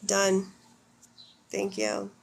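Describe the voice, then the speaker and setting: An American woman in her thirties hosts a casual livestream, reading comments aloud and answering them bluntly with plenty of swearing. Her mid-range voice is monotone and gravelly, slightly rough, with drawn-out words. She is opinionated and swears freely.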